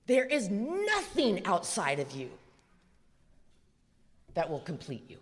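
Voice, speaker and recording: On an echoey recording from a large convention hall, an American woman gives a live recovery talk that is blunt, profane and emphatic. Her voice sits on the high side with a breathy edge, very animated yet unhurried.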